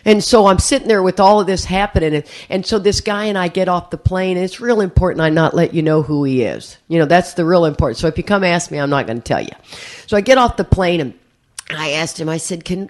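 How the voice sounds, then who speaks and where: An older woman sharing her story at a recovery meeting, chatty and rambling, often repeating words as she starts a sentence. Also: on the low side. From USA. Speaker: AA speaker.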